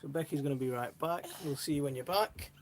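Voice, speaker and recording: A woman's voice: deep voice, fast, a little mellow, slight background noise. A woman hosting a casual live stream, chatting, laughing often and reading viewer comments aloud.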